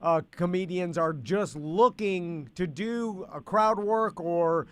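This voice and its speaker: A man hosts a relaxed talk show and asks long, meandering questions with many fillers and restarts. His voice is high and smooth. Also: no room sound. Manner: rambling, halting questions. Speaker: podcast host. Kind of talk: casual interview chat.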